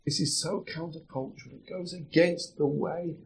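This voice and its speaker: A man's voice: a little high, fairly even intonation, moderate pace, vocal fry, low-quality recording. A man preaching a sermon as pastor, chatty and putting questions to the congregation. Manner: conversational, asks the congregation questions.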